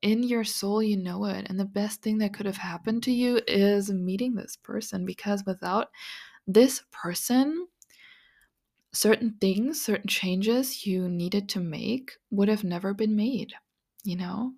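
A woman hosting a podcast, talking through spiritual advice in an earnest, confiding way, with many "like"s and soft breathy asides. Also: medium pitch, measured pace. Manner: earnest, confiding, full of "like" and "you know". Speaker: podcast host. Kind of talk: casual spiritual monologue.

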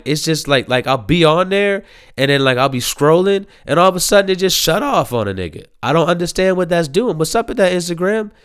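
Slangy young man, smooth voice. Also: fairly high pitch. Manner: slangy, animated, laughs a lot, swears. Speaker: music vlogger reviewing new singles. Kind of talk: casual talk to camera.

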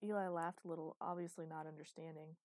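Woman reading a story out, lowish voice, dry close sound. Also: steady tone, quick pace, darkish tone, dry recording. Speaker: narrator. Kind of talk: audiobook narration.

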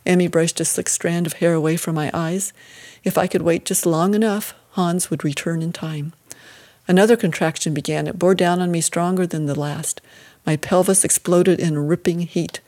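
A woman reading a first-person story as an audiobook narrator, steady and measured. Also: fairly low pitch.

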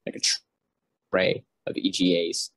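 Talking a little slowly, a young man who used to be a recruit tells a story as a podcast guest. He's casual and animated, voicing what others said, and there's no room sound.

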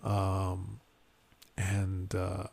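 A man on a podcast casually retelling a family mishap, acting out the people he quotes with sharp jumps in pitch. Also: drawn-out words, gravelly. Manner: animated retelling, acts out quotes with sudden rises in pitch. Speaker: podcast co-host. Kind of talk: casual storytelling chat.

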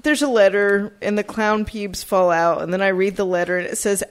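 Talking a little fast with few pauses, this medium-pitched woman co-hosts a relaxed podcast conversation. Her stories come out lively, full of laughter and plenty of cursing.

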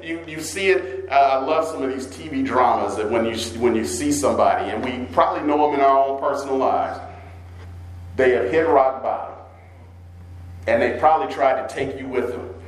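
A male pastor preaching a sermon, swinging between slow low scripture readings and raised, urgent questions. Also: roomy sound, poor audio. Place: church.

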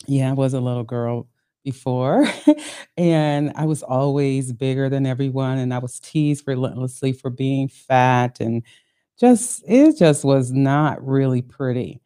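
Lively laughing woman podcast host. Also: a bass voice. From Ohio, United States. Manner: animated and laughing often, storytelling. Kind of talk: solo podcast monologue.

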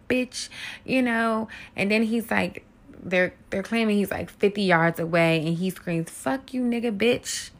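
A woman's voice: mid-range voice, fairly bright tone. A woman hosting a casual celebrity gossip commentary, candid and profane, often laughing, with features. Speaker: host.

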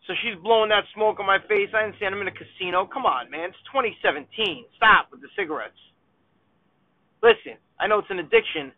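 A man's voice: sits high, no echo. A man, ranting comically to the viewer while driving in a car, chatty and exasperated. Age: 30s. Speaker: vlogger. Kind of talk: rambling comedic rant while driving. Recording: tinny phone-like sound, dry.

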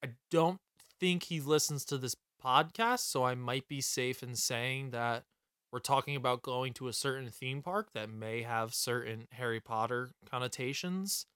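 A man's voice: mid-range voice, normal speed, fairly bright tone, clean tone, dry recording, clean studio sound. A young man co-hosting a podcast in casual chat, jokey and rambling, swearing freely. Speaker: podcast co-host.

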